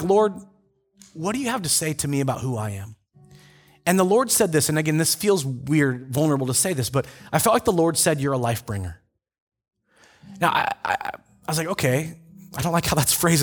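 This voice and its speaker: A middle-aged male pastor preaching a sermon, retelling scripture stories with voices for each character. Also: a little high. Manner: storytelling with acted-out voices for biblical figures.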